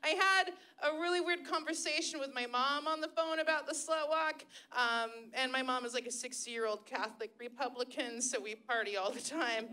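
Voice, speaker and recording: Woman stand-up comic, high bright voice, sarcastic and profane, live stage mic. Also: normal speed. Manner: sarcastic, profane, shrill put-on voices for quoted people. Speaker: stand-up comedian. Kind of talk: stand-up comedy set. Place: live comedy stage before an audience.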